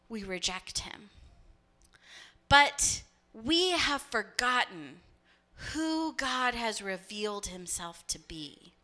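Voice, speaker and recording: A woman's voice: a little high, bright, forceful tone. A woman pastor preaching a sermon, telling stories and acting out voices as she goes. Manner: storytelling, acts out voices.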